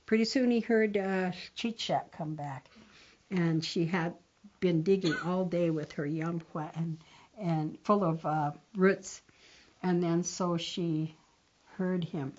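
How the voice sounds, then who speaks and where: An older woman, a tribal elder, telling a traditional story in an unhurried way and raising her voice for the characters. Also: lowish voice, darkish tone. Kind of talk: oral storytelling. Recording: dull lo-fi recording.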